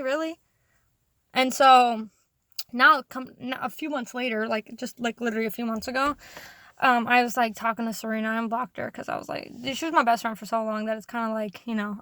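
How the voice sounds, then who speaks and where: A woman's voice: fairly high pitch, fairly bright tone, no room sound. A young woman vlogger ranting through a story, heated and profane, rambling with lots of filler words. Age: young adult. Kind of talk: casual storytime rant.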